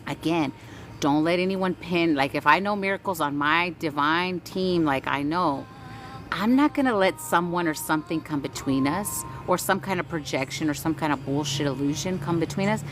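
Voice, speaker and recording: A woman's voice: low voice, moderate pace, slight background noise. A woman hosting a casual spiritual livestream, reading chat aloud, greeting viewers by name and urging them on with repeated "right?" and casual swearing.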